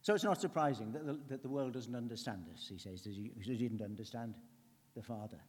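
A man giving a conversational sermon as a preacher, earnest, swinging between emphatic lines and hushed ones. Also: medium pitch, a little fast, slightly rough. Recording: long hall reverb.

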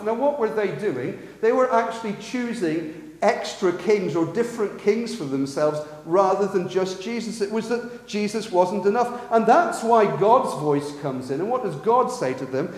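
A man's voice: sits high, animated, moderate pace, darkish tone. A man preaching a sermon in earnest, asking the congregation rhetorical questions in a church hall. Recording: echoey, long hall reverb.

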